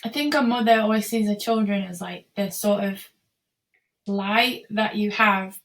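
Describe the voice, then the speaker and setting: Earnest woman, a bit distant from the mic. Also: medium pitch. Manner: earnest and reflective. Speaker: podcast guest. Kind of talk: casual conversational interview.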